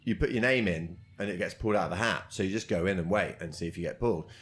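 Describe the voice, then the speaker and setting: A young man with a lowish voice tells rambling, self-deprecating comedy stories. He laughs as he talks, relaxed and chatty, sitting in a small karaoke box. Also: fast. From Britain. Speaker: comedian guest. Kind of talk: casual anecdote-telling chat.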